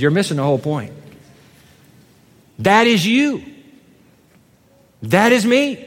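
A man's voice: high voice, sing-song, slow, long pauses, in a large hall. A man preaching a sermon with emphasis, having the congregation repeat lines after him. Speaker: pastor.

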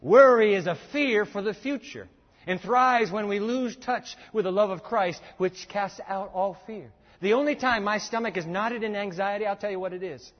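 High-voiced man preaching in echoey hall. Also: normal speed. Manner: emphatic, repeats points for note-taking. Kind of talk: sermon. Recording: echoey dull lo-fi hall recording.

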